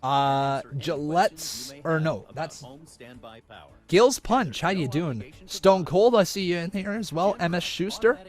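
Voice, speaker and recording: A man doing live reaction commentary on a wrestling show, screaming and cheering at big moves and chatting calmly with viewers in between, over a cheap microphone. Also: fairly high pitch, takes it slowly, soft background music. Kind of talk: excited live play-by-play commentary and chat.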